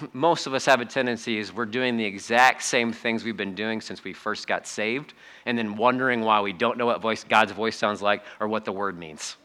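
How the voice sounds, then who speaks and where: A middle-aged man preaching a sermon in a church, conversational and animated, acting out little asides in other voices. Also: medium pitch. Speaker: pastor. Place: church sanctuary.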